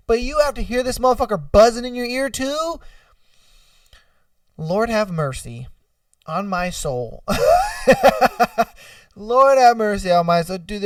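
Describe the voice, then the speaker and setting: A high-voiced man hosts a podcast solo, chatting casually and profanely as he reads listener ideas, laughing often and acting out silly scenarios. The sound is clean studio quality with no echo, though the mic sits at a distance.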